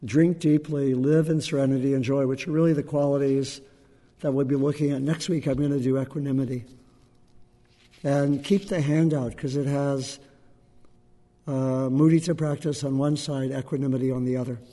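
A man giving a gentle, unhurried dharma talk to a group as a meditation teacher, pausing often. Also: mid-range voice, steady tone, long reverb tail. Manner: gentle, unhurried, with frequent pauses and fillers.

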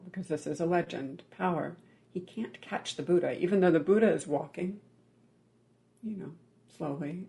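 A meditation teacher gives a Buddhist dharma talk, telling a legend in a measured way with many pauses, often checking in with "right?" and dropping to a near-whisper on key words. The voice is medium-pitched and warm, with vocal fry.

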